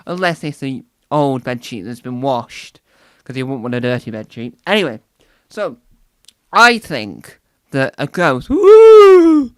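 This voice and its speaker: A man's voice: mid-range voice, expressive, unhurried, bright, forceful tone, smooth, no room sound, studio quality. A man doing a stand-up comedy set, rambling with lots of asides and "right?" tags.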